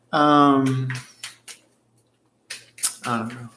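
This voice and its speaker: A man's voice: medium pitch, steady tone, unhurried, a bit bright, a little hiss or hum. A man hosting a tarot livestream, chatting casually and rambling, with frequent swearing as he reads out viewers' comments. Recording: roomy echo with faint ambience.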